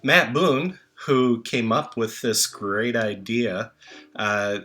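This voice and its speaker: A man speaking a memorial tribute, slow and halting with many filler pauses, songs playing in the background. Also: mid-range voice. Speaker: channel host reading tributes. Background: soft music.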